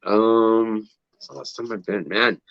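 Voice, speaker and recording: A man's voice: lowish voice, fairly even intonation, measured pace, creaky, dry recording, highs cut off. A man guest on a podcast, reminiscing in a laid-back, sweary way with frequent laughs. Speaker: podcast guest, drum tech. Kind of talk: casual chat.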